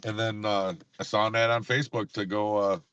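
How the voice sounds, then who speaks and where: A man who is a paranormal investigator, a guest on a podcast, telling his own stories hesitantly with many pauses. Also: lowish voice, level tone, fairly bright tone, clear, resonant tone, lo-fi sound. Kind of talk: casual storytelling.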